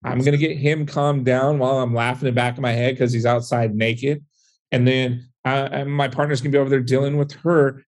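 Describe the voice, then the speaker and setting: A man's voice: medium pitch, gravelly, darkish tone. A man, a former police officer turned real estate investor, explaining in a casual podcast conversation with stories and frequent "right?" asides.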